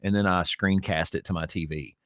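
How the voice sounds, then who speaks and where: A man's voice: deep voice, steady tone, a little fast, a bit bright, dry recording, studio quality. A man co-hosting a podcast, chatting casually and telling rambling stories. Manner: rambling, storytelling with quoted asides. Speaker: podcast co-host. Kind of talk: casual chat.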